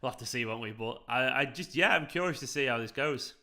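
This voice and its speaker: Bright-voiced man chatting over a football match. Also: mid-range voice, a little fast. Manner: chatty, reacts to the match while answering viewers. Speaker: fan channel host. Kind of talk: live football watchalong chat.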